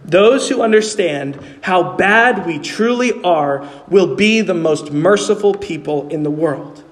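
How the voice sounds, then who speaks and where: A man's voice: high voice, expressive, a little slow. A man preaching a sermon as pastor, earnestly asking his congregation questions as he explains. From New York City. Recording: long hall reverb.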